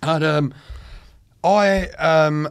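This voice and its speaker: A man's voice: on the high side, steady tone, very slow, clear, resonant tone. A young British man telling a candid story in casual chat, swearing freely. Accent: British English. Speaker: podcast guest.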